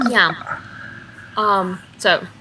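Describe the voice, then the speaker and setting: A woman's voice: mid-range voice, animated, extremely slow, noisy background. A woman with a light Moscow Russian accent whose first language is Russian, co-hosting a casual fan chat show. She laughs easily and keeps steering the conversation to the next question. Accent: Moscow Russian, softened by years of American English. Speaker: co-host.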